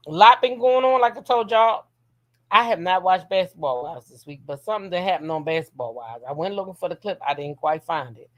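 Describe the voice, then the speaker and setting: Her voice is fairly low and a little bright, with no room sound behind it. As host of an informal gossip show, she reads a lengthy text message aloud, addressing her audience bluntly with plenty of swearing and frequent "okay?" check-ins.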